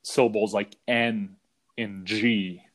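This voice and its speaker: Low-voiced laid-back male podcast host. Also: slow. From US Northeast. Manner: relaxed, rambling, frequent fillers. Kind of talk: casual interview chat.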